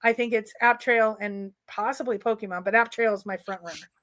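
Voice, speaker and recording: A woman co-hosts a casual chat, eager and analytical, and acts out the quotes she repeats. Her voice is high and bright, recorded dry and close. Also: steady tone, brisk, no room sound. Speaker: co-host.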